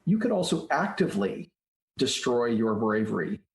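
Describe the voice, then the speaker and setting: A man's voice: medium pitch, very animated, moderate pace, gravelly. A man being interviewed on a podcast as a guest author, explaining ideas step by step like a teacher. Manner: explanatory, teacherly, walks through steps. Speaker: guest author, child psychologist. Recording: roomy echoey room sound.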